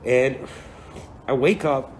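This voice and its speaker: A man's voice: mid-range voice, slow pace, darkish tone, a little hiss or hum. A man giving a casual, storytelling spiritual lecture, full of slang, swearing and chuckles. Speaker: spiritual speaker.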